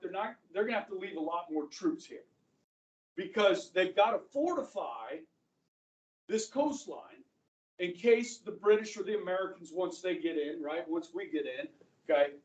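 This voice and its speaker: Animated male teacher in an echoey classroom. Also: sits high. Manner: animated, chatty, keeps checking in with "okay?". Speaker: history teacher. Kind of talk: classroom lecture. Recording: echoey classroom, mic far off.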